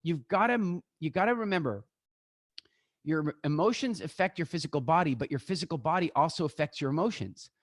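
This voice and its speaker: A man speaking as a guest in a live online talk over a video call. He is animated, acts out little scenes and speaks straight to his audience. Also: on the high side, brisk, no echo, studio quality.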